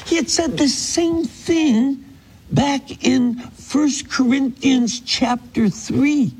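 A man teaching a Bible passage, reading verses slowly and then explaining them earnestly. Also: extremely high pitch, very animated, darkish tone, husky, poor audio. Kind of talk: scripture teaching.

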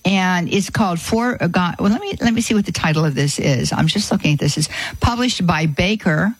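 A woman hosts a call-in radio advice show, her voice sitting a little low. She talks haltingly, with lots of fillers and restarts. The sound is dry and close. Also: animated, breathy edge, no echo, rough recording.

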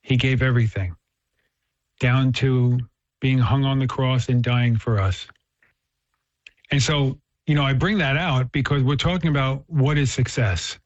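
An earnest man talks in a relaxed, conversational way, restarting phrases as he goes and slipping into the quoted voices of his story. His voice sits at a middle pitch. The recording is dull and lo-fi, with a dry, close sound and no room echo. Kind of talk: casual conversational talk.

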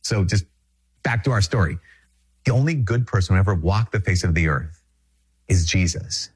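A middle-aged priest from Minnesota talks to the listener in a husky, slightly low voice. He teaches in a conversational way, earnest and emphatic, and he drives his points home by repeating short phrases. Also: expressive, moderate pace. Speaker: Catholic priest.

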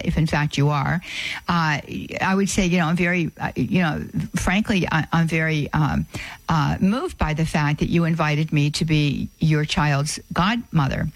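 A woman hosting a call-in radio show, giving advice in a halting way with many fillers and restarts. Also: sits low, dry recording, low-quality recording.

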